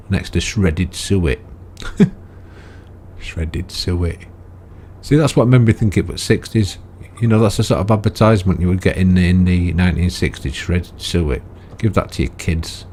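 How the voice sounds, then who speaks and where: A man's voice: low-pitched, mellow, a little hiss or hum. A man giving rambling, chatty gameplay commentary, often ending remarks with tag questions. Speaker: gaming video creator.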